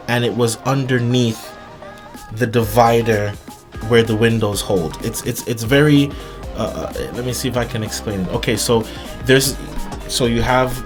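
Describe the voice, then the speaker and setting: A man telling a personal story to his viewers in an earnest, halting way, with many restarts and repeated words. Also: medium pitch. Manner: earnest, emphatic retelling. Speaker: vlogger.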